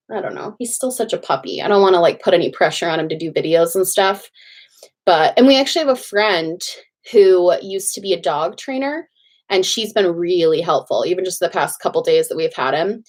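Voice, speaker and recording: A young woman hosting a casual livestream from home, bubbly and gushing as she greets viewers and chats with lots of fillers. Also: medium pitch. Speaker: livestream host.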